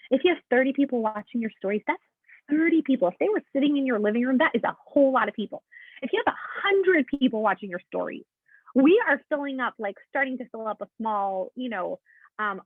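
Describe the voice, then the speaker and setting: A woman leads a coaching call in a chatty, encouraging way, checking in with her listeners as she goes. Her voice sits a little high with a husky grain. The sound is dry and thin, like a phone line. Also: dry recording. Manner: chatty, keeps checking in with "okay?"; encouraging, addresses listeners as "guys". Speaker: coach leading a team call. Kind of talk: motivational coaching talk. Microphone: call audio.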